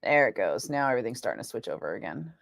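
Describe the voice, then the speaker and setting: A woman radio DJ chatting casually between on-air segments, telling stories in an animated way, laughing and swearing freely. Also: very deep voice, fast, vocal fry, no room sound. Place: radio studio.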